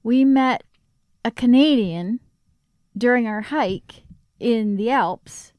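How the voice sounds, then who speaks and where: A woman co-hosts a running podcast, chatty and quick to laugh. Her voice sits a little high and sounds dry and close, with no room around it. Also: no room sound, dull audio. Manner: chatty, giggly, introducing a guest. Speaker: podcast co-host. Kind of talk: casual chat.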